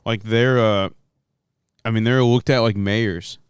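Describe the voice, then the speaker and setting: A young man, a podcast co-host, in casual chat among friends, making emphatic, drawn-out points with swearing. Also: fairly low pitch, fairly even intonation, clear, resonant tone, no room sound, studio quality.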